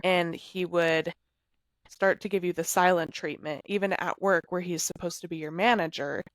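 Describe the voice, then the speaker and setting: Woman host, measured recap and question, lowish pitch, dry close sound. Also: steady tone, dry recording, low-quality recording. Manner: measured, recaps the guest's story before asking. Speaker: podcast host. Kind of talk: interview question.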